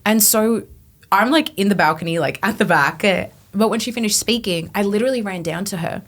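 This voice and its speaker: A woman in her twenties, a podcast guest, telling her personal testimony in an animated way, acting out her past thoughts. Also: medium pitch, fairly quick. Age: 20s.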